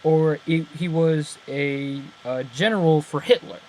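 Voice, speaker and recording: A man's voice: on the high side, a little slow, a little mellow, slight background noise, poor audio. A young man in casual chat, breaking down a TV episode, rambling and correcting himself and laughing at his own slips. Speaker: channel host breaking down an episode.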